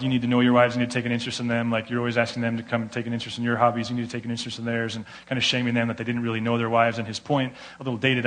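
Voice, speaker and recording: A man's voice: mid-range voice, a little hiss or hum. An American man delivers a sermon in an ordinary mid-range voice. He tells stories with energy and slips into the voices of the people he quotes. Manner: animated storytelling, acts out quoted voices. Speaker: pastor.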